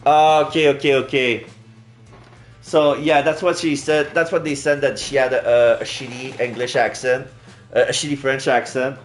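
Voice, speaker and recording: A man's voice: medium pitch, fairly even intonation, moderate pace. Brief: male streamer reading a dating game aloud, casual and chatty, faint music under. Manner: chatty, laughing asides. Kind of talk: reading a visual novel aloud.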